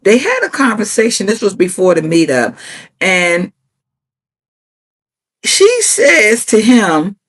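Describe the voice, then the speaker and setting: A woman reviewing a reality TV show in casual commentary, sassy and blunt, swearing freely and jumping up in pitch when she gets outraged. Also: slow, long pauses. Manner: animated, jumps high in pitch when outraged.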